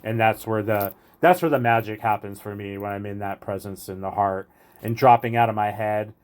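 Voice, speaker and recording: A man's voice: fairly low pitch, fairly even intonation, moderate pace. A man sharing his personal recovery story in an earnest, rambling way, often saying "like" and "right". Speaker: recovery meeting speaker.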